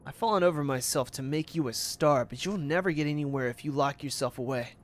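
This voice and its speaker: A man's voice: on the high side, fast, slight background noise, close to an everyday voice. A man voicing a cruel, controlling talent manager, bullying and scolding while reading game dialogue aloud.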